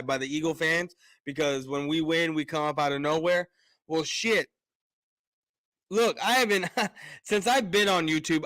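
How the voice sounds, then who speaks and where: A man's voice: a little high, a bit bright, no room sound. A man ranting on a casual sports live stream, fired up, repeating words and restarting his sentences often.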